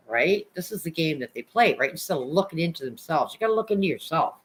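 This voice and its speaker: A woman's voice: low-pitched, lively intonation, fast, few pauses, a little hiss or hum, rough recording. A woman livestreamer chatting casually with viewers, frank and emotional, swearing freely and greeting chatters by name. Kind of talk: casual live-stream chat with viewers.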